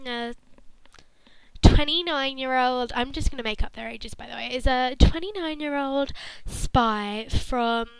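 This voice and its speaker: A woman's voice: high voice, fairly bright tone, clear, resonant tone, no room sound, poor audio. A woman hosting her gaming channel, giving chatty, jokey commentary with flustered asides as she introduces characters. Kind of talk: casual gameplay commentary.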